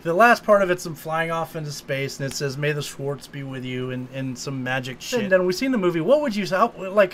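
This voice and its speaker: A man's voice: on the high side, a little hiss or hum. A man co-hosting a casual podcast, retelling a movie with profanity and acting out the lines. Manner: animated storyteller, swears, acts out lines. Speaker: podcast co-host. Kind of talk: casual movie recap chat.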